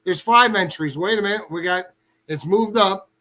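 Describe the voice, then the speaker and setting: A man's voice: high-pitched, moderate pace, bright, forceful tone. A man co-hosting a podcast in casual chat, brash and joking. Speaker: podcast co-host.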